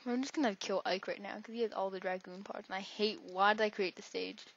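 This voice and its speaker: Gameplay commentator: woman, average pitch, chatty, self-interrupting humor, muffled low-fi audio. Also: steady tone, a little fast, creaky. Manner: rambling, jokey, talks to herself. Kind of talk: casual let's-play commentary. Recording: dull lo-fi recording.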